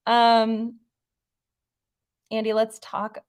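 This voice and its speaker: Excitable rambling woman host. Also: fairly low pitch, unhurried, no echo, studio quality. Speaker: host of a horror channel. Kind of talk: casual livestream chat.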